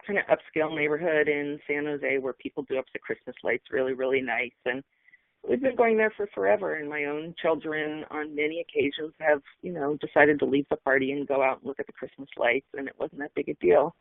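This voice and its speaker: Middle-aged woman speaker, halting and emotional, gravelly fry, heard over a phone line. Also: sits low, no echo. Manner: emotional, halting, many fillers. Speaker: webinar speaker. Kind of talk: personal account on a call. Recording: tinny phone line, dry.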